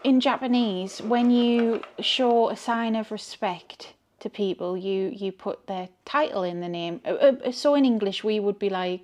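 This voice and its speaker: A chatty woman with a broad Geordie accent talks to her camera as a tarot reader. She rambles freely and speaks her mind plainly. Her pitch sits in an ordinary middle range for a woman. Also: measured pace, hardly any pauses, a little mellow. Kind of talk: casual chat to camera.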